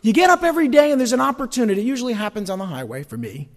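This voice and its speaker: Male pastor, high lively voice, church hall reverb, folksy preaching. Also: very fast. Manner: animated preaching, folksy asides. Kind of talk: sermon.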